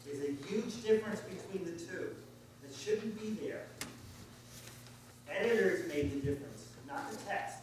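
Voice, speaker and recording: In a church sanctuary, a male pastor delivers an informal, conversational sermon, quizzing his congregation along the way. His voice is high-pitched and expressive with a measured pace and darkish tone, heard from far off in an echoey church with slight background noise.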